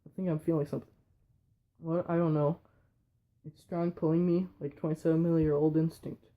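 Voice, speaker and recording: A man reading a whole film script aloud in a quick, flat way with slips. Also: on the high side, narrow, tinny audio. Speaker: reader.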